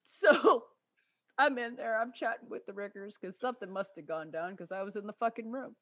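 A woman's voice: mid-range voice, normal speed, fairly bright tone, dry recording. A woman hosting a podcast who rants in casual, heavily profane talk about work stories. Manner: profane, fired-up ranting. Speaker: podcast host. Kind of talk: casual chat.

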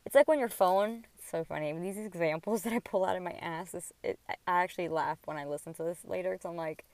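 A woman's voice: lowish voice, quick pace, hardly any pauses, a little mellow, no echo. A woman in her thirties hosting a casual spiritual podcast, talking candidly and rambling, swearing freely, recorded at home. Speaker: podcast host. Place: at home by a window.

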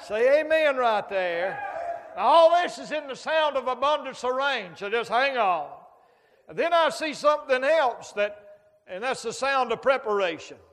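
A man's voice: extremely high pitch, expressive, moderate pace, fairly bright tone. A man preaching a folksy sermon, telling stories with sound effects and humor as a traveling preacher. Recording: long hall reverb.

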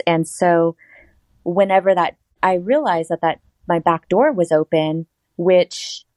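A woman telling a personal story in a casual interview, animated and laughing often. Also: dry recording. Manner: animated, laughs often, quotes herself in a higher voice. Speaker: interview guest.

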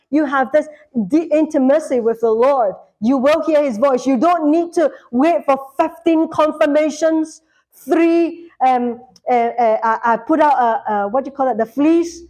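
A woman's voice: sits high, normal speed, warm tone. A woman preaching a sermon in a church, fervent, repeating lines for emphasis.

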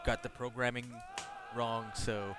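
A man's voice: medium pitch, flat delivery, a little slow, over loud music. A man co-hosting a podcast, casually telling funny family anecdotes and laughing often. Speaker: podcast co-host. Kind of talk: casual chat.

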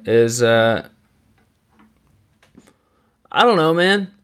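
A man's voice: mid-range voice, lively intonation, drawn-out words, fairly bright tone, smooth. A young man co-hosting a casual sports podcast, rambling with many fillers and asides. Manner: rambling, filler-heavy banter. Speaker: podcast co-host.

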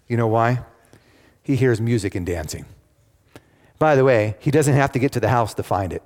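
A man's voice: medium pitch, moderate pace, a little mellow. A man preaching a sermon, engaging the congregation with questions and emphatic retellings. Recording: long hall reverb.

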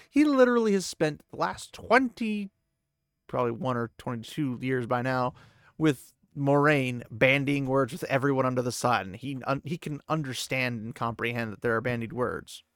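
Podcast guy rambling about a book chapter, lots of ums, gravelly voice, dry close mic. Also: medium pitch, moderate pace, no echo. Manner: rambling, thinks aloud, many fillers and restarts. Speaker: podcast host. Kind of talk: casual book recap with read-aloud passages.

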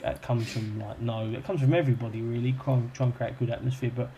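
A young man talks in an easy, rambling way, stacking fillers and restarting his sentences. His voice sits at an ordinary middle pitch. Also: fairly even intonation, quick pace, warm tone, a little hiss or hum. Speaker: football club kit man, podcast guest. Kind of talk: casual chat, storytelling.

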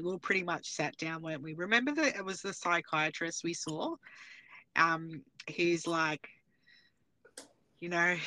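An Australian woman in her forties hosts a casual podcast chat and laughs between her phrases. Her voice is bright and forward, recorded dry and close with no room sound. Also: lowish voice, lively intonation, unhurried, dry recording. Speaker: podcast host.

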